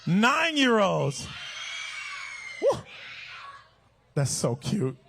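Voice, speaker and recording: High, lively man hyping a crowd. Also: vocal fry, faint music behind. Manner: shouting playfully to kids, quick asides. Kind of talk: loud crowd hype with call-and-response. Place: outdoor stadium fan event.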